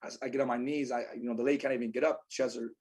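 A man telling stories on a podcast in a fast, emphatic way, with quiet somber moments and loud bursts. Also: medium pitch, little pitch movement, slightly rough. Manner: fast, emphatic, swings between quiet sorrow and loud energy. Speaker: podcast guest, insurance agent. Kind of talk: animated storytelling.

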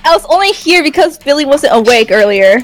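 A woman's voice: high voice, big pitch swings, a little fast, slight background noise. A woman guest co-hosting a livestream, reading questions playfully with a sassy edge. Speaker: guest co-host. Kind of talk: casual livestream chat.

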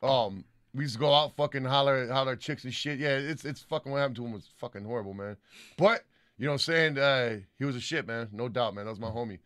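A man's voice: mid-range voice, fast, a bit bright, clear, resonant tone, no echo, clean studio sound. A man co-hosting a podcast, joking around and reading fan messages aloud with plenty of swearing. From Michigan, United States. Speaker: podcast co-host. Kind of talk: casual podcast banter.

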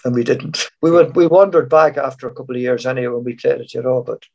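A man's voice: mid-range voice, steady tone, quick pace, gravelly, a little mellow. An older Irish man, a former showband musician, telling rambling stories from his touring years in an online panel. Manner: rambling anecdotal storytelling.

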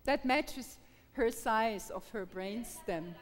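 Halting high-voiced woman teacher in a hall. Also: expressive. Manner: halting, repeats words, laughs often, encouraging. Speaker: Feldenkrais trainer. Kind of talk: live workshop teaching through an interpreter. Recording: reverberant hall.

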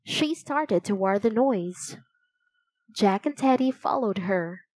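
A woman reading a children's chapter book aloud, telling it slowly and clearly. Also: medium pitch, lively intonation, darkish tone, no room sound, poor audio. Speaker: storybook narrator.

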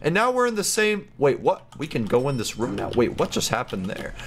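A young man giving casual, goofy commentary while playing a game, chatty and quick to laugh and react. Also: mid-range voice, huge pitch swings, background noise. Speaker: gaming YouTuber.

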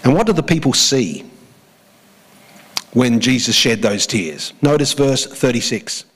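Aussie pastor mid sermon, medium voice, emphatic, slows down and repeats the big lines, gets the crowd to say them back. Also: male voice, medium pitch, lively intonation, fairly bright tone, husky, poor audio. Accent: Australian. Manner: leads the congregation in repeating lines. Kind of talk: church sermon.

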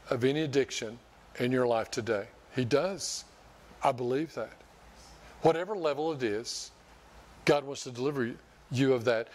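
An older man preaching a sermon as pastor, folksy and rambling, restarting and repeating words as he talks to his church. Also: medium pitch. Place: church sanctuary.

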